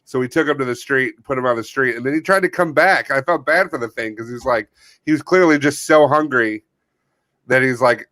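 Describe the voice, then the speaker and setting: A man's voice: medium pitch, brisk, a bit bright, no room sound. A man co-hosting a comedy podcast, telling a rambling story in casual chat. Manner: rambling storyteller, playful bits. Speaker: podcast co-host.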